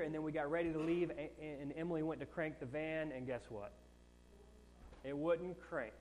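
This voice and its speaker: Storytelling pastor in a reverberant hall. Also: male voice, fairly high pitch. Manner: storytelling, self-mocking, animated emphasis. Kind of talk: sermon.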